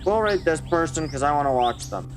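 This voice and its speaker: A man's voice: a little high, animated, fairly quick, music in the background. A man streamer ending his stream, stressed and irritated, talking to himself as he sets up a raid. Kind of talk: casual live-stream sign-off.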